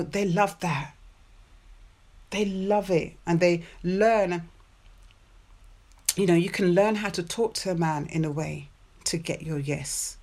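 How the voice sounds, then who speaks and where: A woman with a lowish, darkish voice hosts a podcast, handing out relationship advice in a playful, chatty monologue full of personal stories. She laughs often and draws out the words she stresses.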